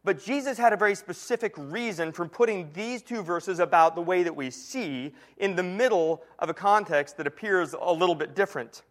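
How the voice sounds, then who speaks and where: A man preaching a sermon in an earnest teaching tone, slowing and dropping quiet to stress key lines. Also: sits high, expressive.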